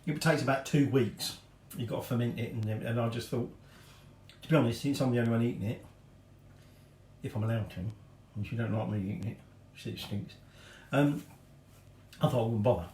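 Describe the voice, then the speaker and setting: A man's voice: mid-range voice, a little fast, pauses often, a little mellow, reverberant, slight background noise. A middle-aged man from England hosting a home cooking demonstration, chatting casually with rambling, self-deprecating asides. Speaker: home cooking show host. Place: home kitchen.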